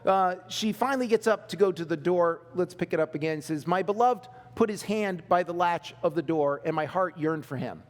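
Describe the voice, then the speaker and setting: Middle-aged guy preaching, acts out every back-and-forth, high voice, big echoey hall sound. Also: fairly quick, few pauses. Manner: animated storytelling, acting out both sides. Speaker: pastor. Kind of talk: sermon. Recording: long hall reverb.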